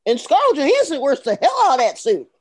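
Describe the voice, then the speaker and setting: A woman with a high voice chats about a film. Her pitch swoops widely as she talks, giving her speech a very expressive, lively sound. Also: fast. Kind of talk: casual movie review chat.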